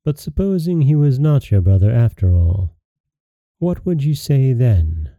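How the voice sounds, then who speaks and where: A man voicing a gracious, motherly fairy queen in a storybook reading, soft and stately, on a dry, dull lo-fi recording. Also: medium pitch, sing-song, measured pace, dry recording.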